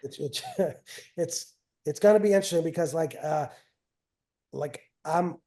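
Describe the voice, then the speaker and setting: Middle-aged New man, warm, slightly high voice, loose rambling storyteller who repeats himself. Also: measured pace. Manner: rambling, repeats phrases, trails off. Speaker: guest, wrestling coach and father. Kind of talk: casual storytelling.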